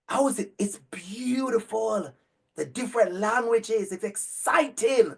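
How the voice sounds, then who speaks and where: A man speaks in a fairly high voice as he tells stories to an audience. His delivery is animated and emphatic. He repeats key words and acts out the voices of the children in his stories. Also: a little slow, creaky, breathy edge. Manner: emphatic repetition. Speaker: educator and speaker. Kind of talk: storytelling talk.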